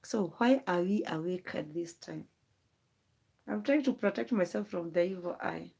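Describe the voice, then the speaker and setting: A woman's voice: fairly low pitch, lively intonation, normal speed, vocal fry, darkish tone, slightly rough. A rambling woman. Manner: rambling, emotional, wandering thoughts. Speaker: vlogger. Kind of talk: late-night live stream monologue.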